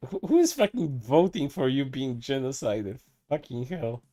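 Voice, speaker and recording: A man's voice: medium pitch, warm tone. A man streaming casual reaction commentary, cursing freely, stammering through restarts and laughing often.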